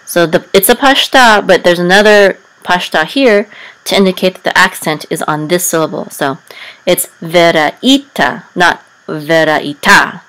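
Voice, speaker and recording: A woman's voice: on the low side, normal speed, a bit bright, clear, resonant tone, rough recording. A woman teaching a language lesson step by step, patiently sounding out syllables and correcting herself as she goes. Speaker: Hebrew and Torah chanting teacher.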